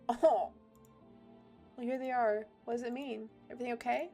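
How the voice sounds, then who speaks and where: A woman streamer playing through a game, reacting offhandedly and reading its text aloud. Her voice is dark and mellow, with gravelly fry at the ends of phrases. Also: fairly high pitch, steady tone, normal speed, soft background music. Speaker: gaming streamer. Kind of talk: game playthrough commentary.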